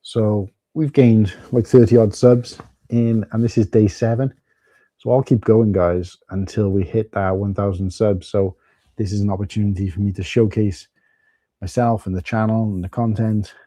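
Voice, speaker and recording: A man's voice: lowish voice, steady tone, moderate pace, warm tone, no room sound. A man with a Welsh accent hosting a casual live stream, chatting loosely and greeting viewers by name. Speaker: livestream host. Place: at home.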